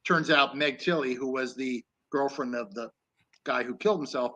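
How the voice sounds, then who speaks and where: A man co-hosting an online talk show speaks at a moderate pace in a mid-range voice that sounds pushed and bright over a rough recording. He discusses an old film loosely, rambling with many restarts and laughs.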